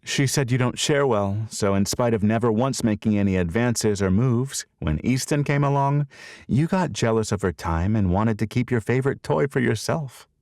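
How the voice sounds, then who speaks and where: A man voicing a witty, teasing young woman in an audiobook, quick and wry. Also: medium pitch, a little mellow, no echo, clean studio sound, pitched above the performer's own voice, natural voice.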